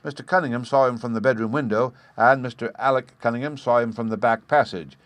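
A man's voice: mid-range voice, quick pace, dry recording, natural voice. A man doing a keen young police inspector. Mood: businesslike. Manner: businesslike, polite, reporting. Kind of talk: audiobook character reading.

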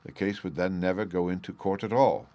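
A man doing a calm, precise detective. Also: deep voice. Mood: measured. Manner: measured, composed, precise. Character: calm shrewd Victorian detective, adult man.

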